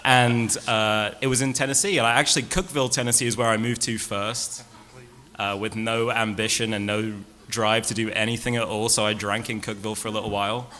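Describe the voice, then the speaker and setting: Young English bartender, bright voice. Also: male voice, on the low side, level tone, a little fast. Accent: English, Surrey. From England. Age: young adult. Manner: self-mocking, laughs while talking. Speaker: bartender guest. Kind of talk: casual interview chat.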